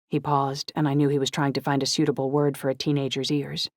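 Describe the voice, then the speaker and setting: A woman narrating a novel in the first person, with an even, steady reading. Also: very deep voice, brisk, hardly any pauses, dry recording. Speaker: audiobook narrator. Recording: dry close studio audiobook.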